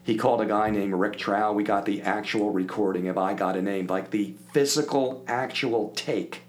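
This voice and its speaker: An older man from the Philadelphia area, a guest telling animated stories and acting out the people in them. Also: on the low side, normal speed. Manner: animated anecdote-telling, acts out quoted voices. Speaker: podcast guest. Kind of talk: casual storytelling.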